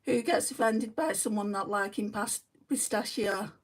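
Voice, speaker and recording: At a moderate pace and medium pitch, a young woman chats casually on a home makeup livestream, replying to each viewer comment in turn while she does her makeup. She sounds slightly distant from the microphone.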